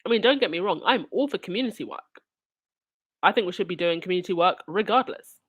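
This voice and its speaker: A woman's voice: fairly low pitch, animated, fast, slightly rough, phone-quality sound. A woman reading news aloud and breaking off into sarcastic, indignant asides as a channel host. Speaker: royal news commentator.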